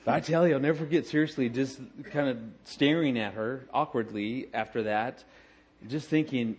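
A middle-aged man telling a humorous story to an audience in an animated, self-mocking way, acting out the dialogue. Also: mid-range voice, moderate pace. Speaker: speaker telling a story with his wife.

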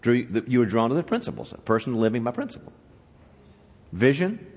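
A man's voice: medium pitch, brisk, slightly rough, long reverb tail. A man giving a talk to church leaders, telling a joke and asking the audience questions. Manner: animated storyteller, asks the audience questions. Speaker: guest speaker at a church leadership event. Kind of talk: conference talk opening with a joke.

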